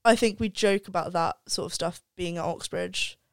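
A woman's voice: lowish voice, moderate pace, creaky, dry recording. A young woman, a student guest on a podcast, talking candidly and reflectively in casual chat and swearing freely. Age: young adult.

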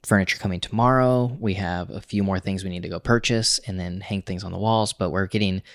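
A man's voice: low voice, steady tone, a little fast, dry recording, clean studio sound. A young man co-hosting a podcast, chatting loosely with lots of fillers. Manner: loose and rambling, many fillers. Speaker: podcast co-host. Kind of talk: casual chat.

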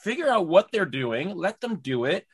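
A podcast host man with a fairly high voice, who talks with enthusiasm and repeats words for emphasis. His recording sounds dry and close. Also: very animated, moderate pace, slightly rough, no room sound. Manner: warmly enthusiastic, emphatic repetition. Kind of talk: casual conversational interview.

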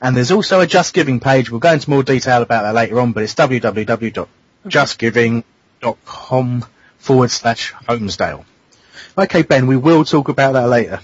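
A man's voice: medium pitch, fairly quick, slightly rough, no room sound. A man hosting a casual radio show, teasing his co-hosts. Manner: teasing, jokey. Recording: dull dry lo-fi radio studio sound.

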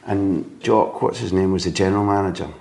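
A middle-aged Scottish man with a slightly low voice hosts a relaxed sports interview. He tells anecdotes energetically, dropping into quoted voices as he goes. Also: fairly quick, vocal fry. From Scotland. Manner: lively storyteller with quoted asides. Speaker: interviewer and football journalist. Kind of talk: casual interview chat.

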